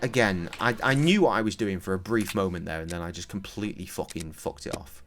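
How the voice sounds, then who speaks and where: A man's voice: low voice, a little fast, a bit bright, slight background noise. A young man streaming a video game, rambling and swearing in a self-mocking, casual way. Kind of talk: casual gameplay commentary.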